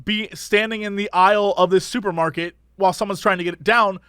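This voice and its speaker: A man's voice: high voice, steady tone, fast, pushed and bright, smooth, dry recording, studio quality. A man co-hosting a podcast, chatting casually and ranting animatedly about pet peeves. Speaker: podcast co-host. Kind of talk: casual chat.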